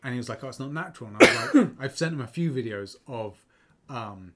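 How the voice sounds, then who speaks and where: Male podcast co-host, casual rambling chat, average pitch. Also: lively intonation, fast, fairly bright tone. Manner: rambling, lots of fillers and restarts.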